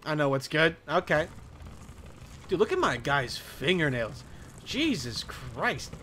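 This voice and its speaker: A man doing let's play commentary, excitable and profane, talking to himself as he plays. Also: fairly high pitch, slow, slight background noise. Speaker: gaming commentator.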